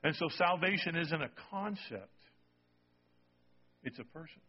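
Male preacher, emphatic sermon delivery, husky tone, recorded dull in a reverberant hall. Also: a little high, lively intonation, unhurried. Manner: emphatic, repeats key phrases, asks the congregation "okay?". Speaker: pastor.

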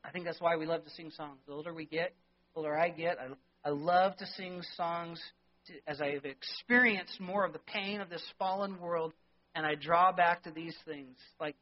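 A middle-aged male pastor delivering a sermon, emphatic, with rhetorical questions and swings between loud and soft. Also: fairly high pitch, fairly even intonation, moderate pace. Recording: dull lo-fi sermon recording.

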